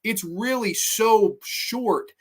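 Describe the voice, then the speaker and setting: Brief: male horror podcast host with a slightly high voice, loose and conversational, chatty and opinionated, swears now and then. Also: extremely slow, breathy edge. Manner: chatty and opinionated, with frequent fillers and occasional swearing. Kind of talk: casual film review monologue.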